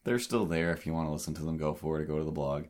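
Podcast co-host, male, Cape Breton accent, very deep voice, rambling casual talk full of fillers. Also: rapid-fire, a little mellow. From Cape Breton, Canada. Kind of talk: casual chat.

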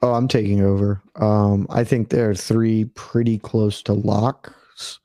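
A man chatting casually as a panelist, measured and thinking aloud as he talks. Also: fairly low pitch, level tone, mellow, dry recording, clean studio sound.

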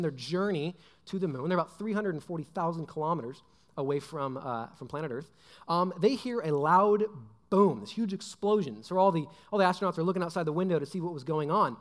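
A young adult man giving a casual sermon, chatty and full of fillers like "like" and "right?". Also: high voice. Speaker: preacher. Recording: long hall reverb.

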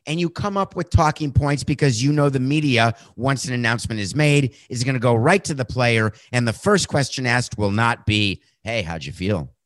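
A man hosting a sports podcast, talking sarcastically and acting out quotes with animated, mocking voices. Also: mid-range voice, moderate pace, few pauses, no room sound, studio quality. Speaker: podcast host.

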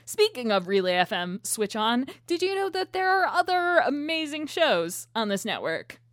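A woman co-hosting a podcast in casual chat, animated and laughing often, often restarting her sentences as she talks into a shared microphone. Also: high voice, moderate pace, dry recording, studio quality. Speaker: podcast co-host. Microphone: shared single microphone.

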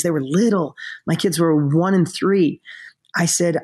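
Husky, emotional man telling a story. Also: fairly high pitch, steady tone, normal speed, darkish tone. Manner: earnest, emotional, close to tears. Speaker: podcast guest.

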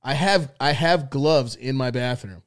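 A young man co-hosting a podcast, telling a story in animated casual chat with a lot of swearing and acted-out quotes. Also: medium pitch, measured pace. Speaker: podcast co-host.

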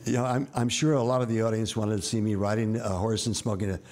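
A man's voice: fairly low pitch, fairly even intonation, fast, a little mellow. A man in his seventies, an actor and director, telling rambling, vivid stories with wry asides in an interview. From United States. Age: 70s. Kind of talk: candid storytelling interview.

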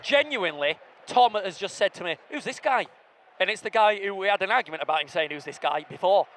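A man co-hosting a football podcast, chatting in excitable, jokey banter outdoors at a match. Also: sits high, fast, over music. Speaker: podcast co-host. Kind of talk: casual football podcast chat.

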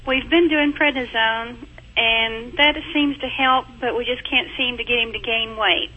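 A woman's voice: a little high, fairly even intonation, unhurried, breathy edge, phone-quality sound. A woman calling in over the phone, asking a question a bit hesitantly. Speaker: caller.

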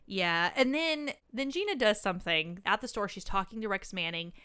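A woman's voice: medium pitch, moderate pace, smooth. A woman co-hosting a podcast, casually recapping a movie and acting out characters' lines as she tells it. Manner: animated storytelling, acts out quoted lines. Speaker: podcast co-host. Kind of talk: casual chat recapping a film.

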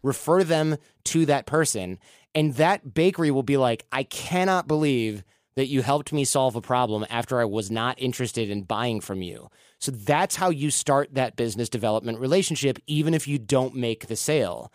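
A man's voice: mid-range voice, expressive, moderate pace, no room sound, clean studio sound. A man hosting a casual talk, giving advice through anecdotes and acting out what people said. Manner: storytelling, acts out quoted dialogue.

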